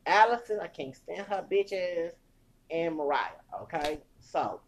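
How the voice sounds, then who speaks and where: A woman hosting a casual ranting podcast, animated, laughing often and breaking into song snippets. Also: lowish voice, a little slow, slight background noise. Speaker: podcast host.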